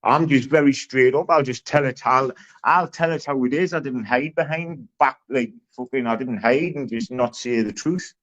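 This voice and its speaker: A man's voice: medium pitch, normal speed, a bit bright. A man talking bluntly on a livestream panel, swearing and restarting his sentences. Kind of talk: heated livestream argument. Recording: muffled lo-fi stream audio.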